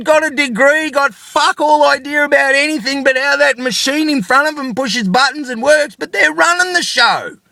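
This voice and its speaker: A man's voice: very high voice, sharp tone, no room sound, studio quality. A middle-aged man with an Australian accent, ranting angrily to camera with lots of swearing and repeated rhetorical questions. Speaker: vlogger. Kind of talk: angry ranting monologue.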